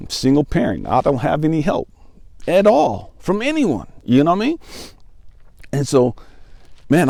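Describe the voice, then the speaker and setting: A man's voice: on the low side, mellow, dry recording. A middle-aged man telling a painful story from his own life, raw and profane, his voice climbing into anguish and often checking in with "you know what I mean". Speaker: channel host. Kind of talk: emotional personal storytelling.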